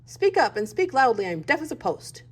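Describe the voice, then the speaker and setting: A woman's voice: on the high side, very animated, moderate pace. A woman doing a scratchy grumpy old owl. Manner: gruff and impatient. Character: owl, old cross grumpy deaf male bird.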